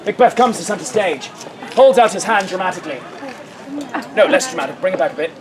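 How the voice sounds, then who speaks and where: A woman's voice: lowish voice, animated, quick pace. A woman performer telling a comic story to a live audience and directing volunteers, playful and laughing often. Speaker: street theater performer leading audience volunteers. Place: outdoor fair stage. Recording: loud crowd and outdoor fair noise.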